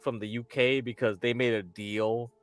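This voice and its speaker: A man's voice: medium pitch, flat delivery, moderate pace, faint music behind. A man ranting loosely in casual chat, rambling and swearing with frequent laughs. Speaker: podcast host.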